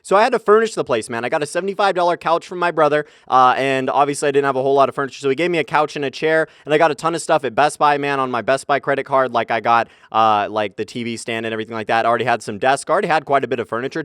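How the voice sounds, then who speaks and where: A 19-year-old man casually talking over gameplay as a commentary YouTuber, energetic and swearing often, saying "man" a lot. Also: mid-range voice, rapid-fire, few pauses, smooth, no room sound, studio quality. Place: small bedroom in his apartment, under a comforter. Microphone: desk mic, comforter draped over it to cut echo.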